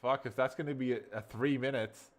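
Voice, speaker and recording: A man casually reviewing AI video software, rambling and excitable, swearing and saying bro. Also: mid-range voice, fairly quick. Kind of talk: casual screen-recording review.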